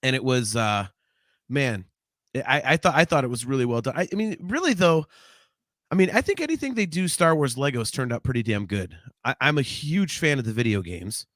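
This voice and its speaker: Male podcast host, bright tense voice, giggly, reads comments aloud. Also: mid-range voice, animated, a little fast, no echo, clean studio sound. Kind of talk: casual podcast chat.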